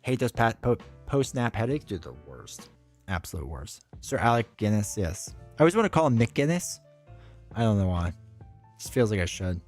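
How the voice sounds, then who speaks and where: A man's voice: on the low side, big pitch swings, normal speed, faint music behind. A middle-aged man chatting casually on a live stream, rambling and reading chat messages aloud.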